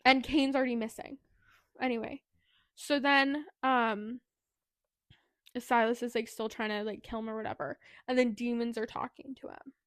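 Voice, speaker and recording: A woman's voice: a little high, fairly even intonation, moderate pace, dry recording, clean studio sound. A woman co-hosting a podcast, casually retelling a book's plot in a chatty way, with plenty of "like" and "anyway". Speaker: podcast co-host. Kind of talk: casual book recap.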